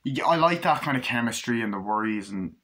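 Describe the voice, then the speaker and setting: A young man giving a casual spoken film review, rambling and acting out scenes in quick impressions. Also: mid-range voice, lively intonation, fairly bright tone, a little hiss or hum. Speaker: movie reviewer.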